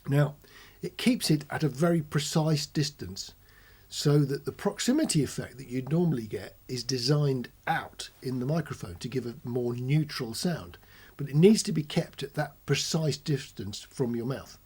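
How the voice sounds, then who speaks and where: A man hosting an informal technical explainer, chatty, switching between quiet talk and loud shouting into a close commentary mic. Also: medium pitch, expressive, moderate pace, slightly rough. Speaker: host demonstrating audio gear. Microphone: close ribbon commentary mic.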